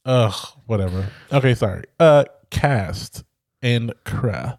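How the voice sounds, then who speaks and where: A man co-hosting a podcast in casual chat, animated with dramatic storytelling. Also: medium pitch, takes it slowly, no room sound, studio quality. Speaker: podcast co-host.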